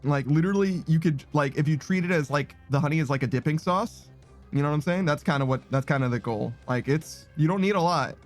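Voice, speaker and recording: A man's voice: a little high, fast, faint music behind. Laid-back man streaming and chatting. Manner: laid-back, rambling, laughs often. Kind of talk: casual chat reading out chat messages.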